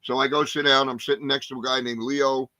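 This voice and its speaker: Rambling older comedian from New Jersey. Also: male voice, mid-range voice, flat delivery, a little fast, sharp tone, dry recording. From New Jersey, USA. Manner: rambling, full of fillers, acts out quotes. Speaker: guest comedian. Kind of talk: storytelling in a podcast interview.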